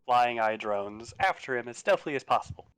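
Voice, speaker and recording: A man playing a tabletop game, eager and excitable when rolling dice. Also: mid-range voice, fairly quick, smooth. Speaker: player.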